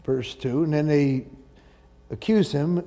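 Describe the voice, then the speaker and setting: A male pastor preaching a sermon, animated and joking, acting out quotes from the story and the congregation. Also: a little high, slow, big-room sound. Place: church sanctuary.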